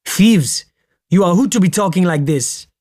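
A man's voice: fairly high pitch, moderate pace, dark tone, dry recording, studio quality, close to an everyday voice. A man doing a bitter, volatile taxi driver. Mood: hysterical. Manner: mournful, then erupting in anger.

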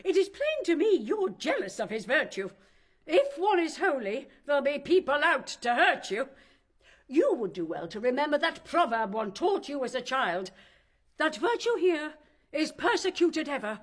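A woman's voice: high voice, very animated, a little slow. An actress playing a haughty, pompous older mother who speaks of herself as "one", in rhymed stage verse. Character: haughty pompous old mother, stubbornly devout. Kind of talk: stage play in rhyming verse.

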